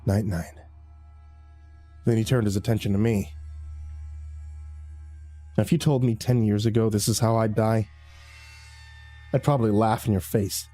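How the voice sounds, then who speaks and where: A man narrating a first-person horror story in a measured, grim way. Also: fairly low pitch, steady tone, mellow, soft background music.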